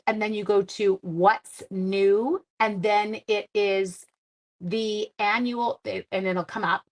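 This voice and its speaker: A woman's voice: mid-range voice, poor audio. Middle-aged woman hosting a live card-making demo; chatty and self-mocking. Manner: chatty, self-deprecating, talks while working. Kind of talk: live-streamed crafting demo.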